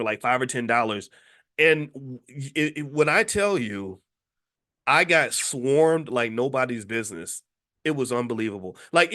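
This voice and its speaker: Middle-aged guy from kentucky, storytelling commentary, kinda high voice, restarts his sentences a lot. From Louisville, Kentucky. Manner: animated, repeats words when starting sentences.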